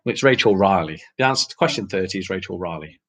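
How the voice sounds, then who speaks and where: A man hosts an online quiz night, reading questions and answers in a casual, chatty style, laughing often and swearing mildly. His voice is low and fast, with lively intonation.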